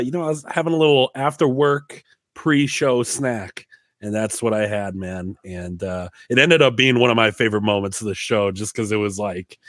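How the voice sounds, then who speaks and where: A young man with a Minnesotan accent chats on a casual podcast in a laid-back, self-deprecating way. He stammers through small restarts at a mid pitch. The sound is close and dry. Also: no echo. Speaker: podcast co-host.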